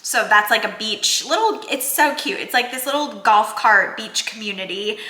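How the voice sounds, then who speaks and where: Rambling, teary young mom, bright voice. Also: female voice, on the high side, animated, moderate pace. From New Jersey. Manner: emotional, rambling with many restarts and fillers. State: tearful, crying. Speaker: vlogger, working mom. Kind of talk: casual vlog talk to camera. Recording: roomy echoey room sound.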